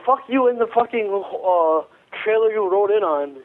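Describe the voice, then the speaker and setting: A man from Canada calling into a talk show, rambling and swearing, halting over his words. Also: high voice, lively intonation. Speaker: caller. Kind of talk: call-in chat. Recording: tinny phone line.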